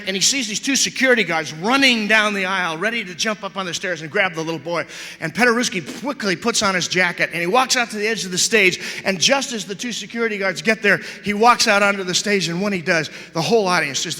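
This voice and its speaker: A middle-aged man giving an animated sermon to a youth convention, telling a story with big swings from shouts to hushed whispers. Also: sits high, fast talker. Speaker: youth speaker. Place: large convention hall. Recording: live hall recording with long reverb.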